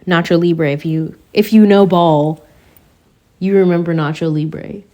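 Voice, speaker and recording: A woman's voice: lowish voice, steady tone, measured pace, dark tone, highs cut off. A young woman casually analyzing a TV show for her viewers, chatty and slangy, often going off on tangents. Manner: rambling, goes off on tangents. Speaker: YouTuber reviewing a TV show.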